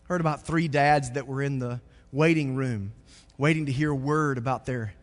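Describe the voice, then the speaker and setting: A pastor preaching a sermon, moving from quiet reflection to loud, joking stretches. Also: male voice, mid-range voice, normal speed, long reverb tail.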